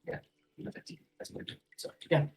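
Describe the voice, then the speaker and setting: A man running a tabletop game as game master, describing scenes in loose, halting speech full of fillers. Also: a little mellow, soft background music, poor audio.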